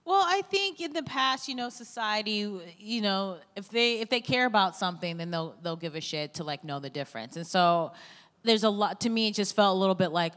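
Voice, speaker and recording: A woman talks bluntly and swears freely, riffing with animated, joking energy. Her mid-pitched voice rings out in a hall with a long reverb tail, as at a live event stage. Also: brisk. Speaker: comedian guest. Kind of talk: candid onstage conversation.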